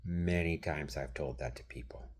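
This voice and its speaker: A man's voice: a bass voice, moderate pace. A man in his thirties venting in a rambling monologue to camera, addressing someone who isn't there and dropping into whispered asides. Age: 30s. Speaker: vlogger.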